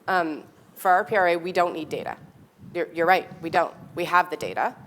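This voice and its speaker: A woman official answering questions on a panel at a public meeting, measured and explanatory. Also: on the low side, expressive, a bit bright, slight background noise. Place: meeting hall.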